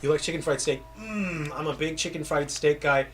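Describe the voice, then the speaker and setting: A man's voice: on the high side, normal speed, fairly bright tone, soft background music. A man who is a game developer, chatting casually with viewers on a livestream and trailing off and restarting mid-sentence, with a faint Southern American accent. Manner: rambling, self-interrupting storyteller.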